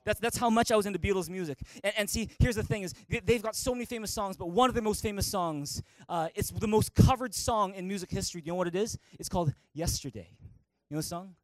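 A middle-aged male pastor giving a lively sermon, acting out quoted voices and singing snatches of song. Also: high-pitched, quick pace, dry recording, low-quality recording. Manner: energetic, animated preaching that acts out quoted voices and sings snatches of song.

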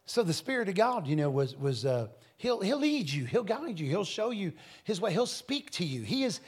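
A man ministering at a church Q&A, telling a personal testimony with frequent restarts and bursts of shouted scripture. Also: high voice, normal speed, slightly rough. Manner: animated, rising to shouted scripture with audience call-outs; repeats and restarts words often.

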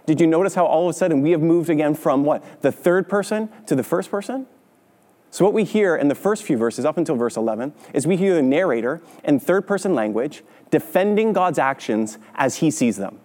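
A man's voice: fairly high pitch, animated, fairly quick, a little mellow, big-room sound. A male pastor preaching a sermon in a conversational way, often checking in with "right?". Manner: conversational, with frequent "right?" tag questions. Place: church sanctuary.

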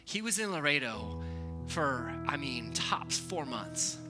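A man, preaching a sermon in a conversational, animated storytelling way. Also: medium pitch, takes it slowly, over music. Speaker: pastor.

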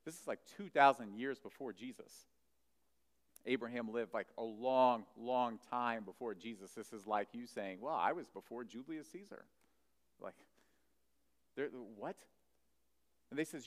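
A man preaching a sermon, animated, swinging from loud emphasis to soft asides. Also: medium pitch, a little slow, pauses often. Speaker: pastor. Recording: long hall reverb.

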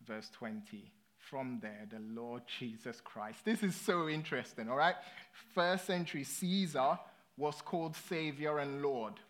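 A man's voice: medium pitch, a little slow, fairly bright tone. A British man preaching a sermon in a conversational way, often checking in with his listeners. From Britain. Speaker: pastor.

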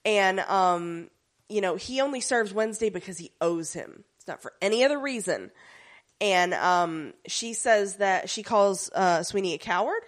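Woman recapping a tv episode, animated, does little voices for the characters. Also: mid-range voice, normal speed. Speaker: podcast co-host recapping a TV episode. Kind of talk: casual chat.

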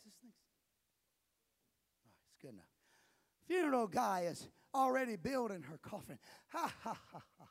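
A male pastor preaching a sermon, often building up to impassioned shouting. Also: sits high.

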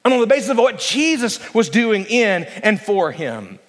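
A male pastor with a notably high voice delivers an earnest sermon. He slows to a deliberate pace over scripture and draws the congregation into answering. His words ring out with a long reverb from a large church hall. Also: very animated. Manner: earnest preaching, slows down to read scripture aloud, asks the congregation to respond.

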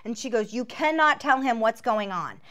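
Woman w a slightly high voice telling her testimony, earnest, goes hushed at the tense bits. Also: expressive, normal speed. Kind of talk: dramatic personal storytelling.

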